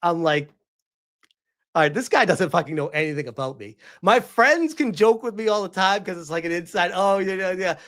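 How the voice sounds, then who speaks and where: Animated, swearing woman streamer. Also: fairly low pitch, normal speed. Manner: animated, incredulous ranting with frequent swearing. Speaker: streamer host reading viewer donations. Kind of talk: casual livestream commentary.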